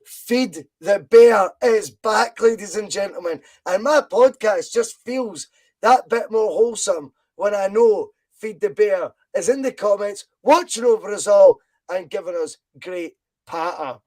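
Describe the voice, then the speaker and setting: A man hosting a casual fan podcast, loud and animated as he reads out viewer comments. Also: high-pitched, unhurried, poor audio. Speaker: podcast host.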